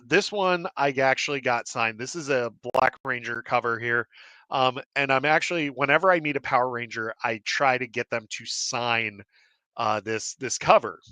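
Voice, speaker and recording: A man hosting a live show in casual chat, rambling and excitable with many fillers and restarts, a little out of breath. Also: medium pitch, smooth, no echo. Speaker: host. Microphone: desk mic with cord.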